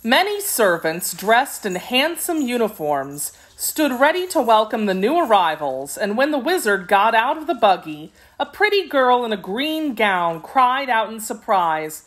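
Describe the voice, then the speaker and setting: A woman narrates a classic children's book for an audiobook. Her reading is measured and expressive, with a lively, moving pitch that follows the story. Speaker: audiobook reader.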